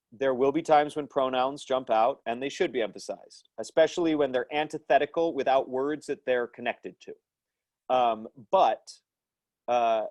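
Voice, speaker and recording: A man's voice: mid-range voice, a little mellow, no room sound. An American man teaching an acting class over a video call, thoughtful and emphatic, with frequent ums and uhs. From United States. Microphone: video call mic.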